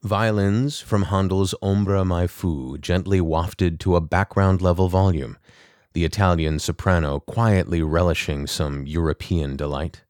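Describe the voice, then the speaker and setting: A man narrating a short story in a measured, even delivery. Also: low-pitched, no room sound, studio quality.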